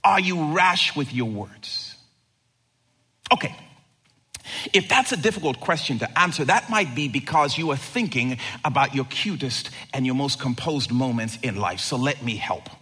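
A man preaching a sermon as pastor, conversational and animated, asking the listeners questions. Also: medium pitch, moderate pace, slightly rough.

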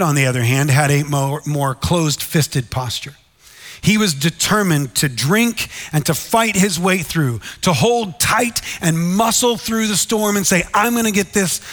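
A man's voice: a little high, fairly bright tone, big-room sound. A man preaching a sermon in an earnest, conversational way, often turning to the listeners with "right?". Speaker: pastor.

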